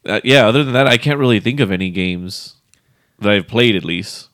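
A man co-hosting a podcast in casual chat, relaxed, laughing often and restarting his sentences. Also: on the low side, a little fast, dry recording, studio quality. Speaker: podcast co-host.

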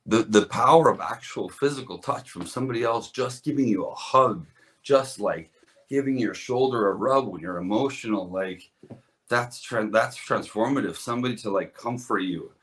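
A man sits as a guest on a beauty podcast and talks things through in a loose, heartfelt way. His voice sits a little low, and he circles back on his words often, restarting and hedging as he thinks out loud. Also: moderate pace. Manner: rambling, earnest, frequent restarts and "like". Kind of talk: casual conversational storytelling.

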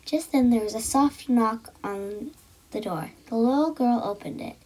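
A woman reads a children's storybook aloud, with a lightly high, breathy voice. She acts out the characters and often drops into soft whispers. The pacing is gentle and playful. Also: a little slow, low-quality recording. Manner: lively, acted character voices with frequent soft whispered asides. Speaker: storyteller reading a children's book.

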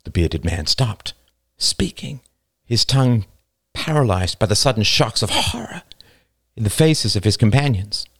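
A man reads a novel aloud in a slow, deliberate, dramatic manner. His voice is low and gravelly. The recording is close and dry, with no room sound. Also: big pitch swings, dry recording. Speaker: narrator. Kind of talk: audiobook narration.

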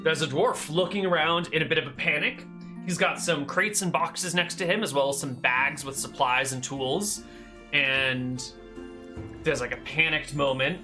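A man's voice: on the high side, normal speed, bright, forceful tone, soft background music. A man narrating as game master of a tabletop role-playing game, playful and chatty.

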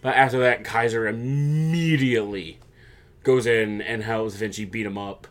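A man co-hosting a casual chat show, recapping events in a rambling, animated way with many fillers and restarts. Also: fairly low pitch, unhurried. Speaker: podcast co-host.

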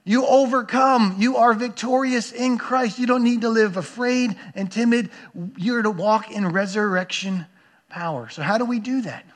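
A man's voice: extremely high pitch, moderate pace. A man preaching a sermon as a pastor, earnest and emphatic, repeating phrases for weight.

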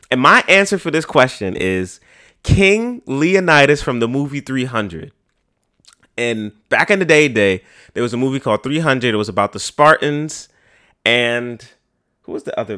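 A man's voice: mid-range voice, animated, normal speed, fairly bright tone. A man, hosting a podcast in a slangy, profane, rambling way. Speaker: podcast host. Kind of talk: casual podcast chat.

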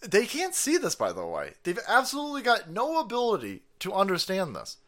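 A man's voice: high voice, wildly swooping pitch, fairly quick, a bit bright. A man hosting his own stream, giving a foul-mouthed, mocking political rant and laughing often. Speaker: streamer host.

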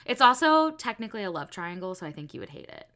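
A young woman co-hosting a podcast, giving blunt, animated opinions in casual chat. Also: medium pitch, fast. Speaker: podcast co-host.

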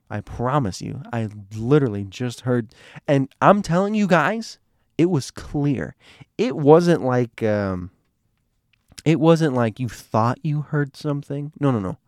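A man's voice: mid-range voice, a little mellow, no echo, clean studio sound. A young man talking casually to his viewers in a rambling, digressive way, restarting his sentences often.

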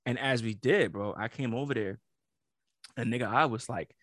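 A man co-hosting a casual podcast, telling an animated story and acting out the quotes, swearing freely. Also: medium pitch, moderate pace, dry recording, clean studio sound. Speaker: podcast co-host.

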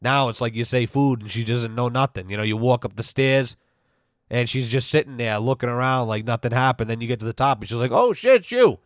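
A man's voice: medium pitch, fairly even intonation, a little fast, no echo, clean studio sound. Profane rambling man on a headset. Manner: profane, rambling, lots of "you know". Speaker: podcast host. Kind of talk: casual storytelling monologue. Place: at home with his dog. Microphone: headset mic.

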